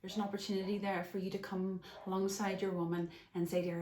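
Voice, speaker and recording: A woman's voice: medium pitch, level tone, fast, hardly any pauses, darkish tone, roomy sound. A woman life coach and podcast host speaking off the cuff in an earnest, emphatic way. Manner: earnest, emphatic, gets emotional at times. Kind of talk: unscripted podcast monologue.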